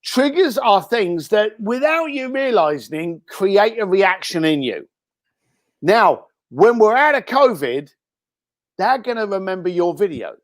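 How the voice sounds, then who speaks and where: British man, interview guest, high lively voice, dry sound, animated. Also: a little slow, dry recording. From Britain. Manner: animated, acts out quoted speech. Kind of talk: casual interview advice.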